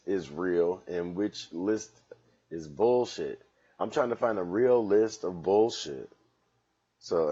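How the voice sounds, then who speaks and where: A freshly woken man rambles through a solo comedy podcast, sarcastic and full of swearing. His voice is very deep and husky, jumping from loud outbursts to mumbled asides. The recording from his home sounds dull and lo-fi. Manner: profane, sarcastic, drifting between loud bursts and mumbling. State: just woke up, yawning.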